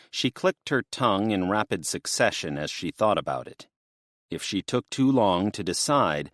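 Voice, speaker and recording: A man narrating an audiobook in a steady storytelling manner. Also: deep voice, dry recording, studio quality. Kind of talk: scripted narration.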